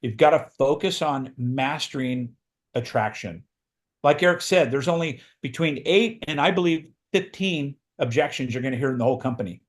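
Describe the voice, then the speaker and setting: A man's voice: medium pitch, expressive, moderate pace. A man giving a motivational training talk as a recruiting coach, speaking emphatically and driving home his points by repeating phrases. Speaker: real estate recruiting coach.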